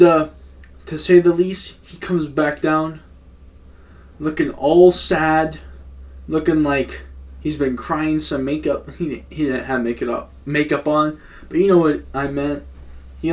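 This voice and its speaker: A man's voice: a little high, distant mic. A young man telling a story in casual slang, acting out the quotes. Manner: slangy, animated, acts out quotes. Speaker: storytime vlogger.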